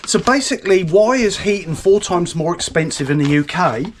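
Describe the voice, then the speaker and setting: A British man presents his own news commentary from home in a blunt, rambling rant, peppered with swearing. His voice sits on the higher side for a man. A faint hiss runs underneath the recording. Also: animated, moderate pace. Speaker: news channel host. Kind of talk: ranting casual commentary. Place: home, indoors.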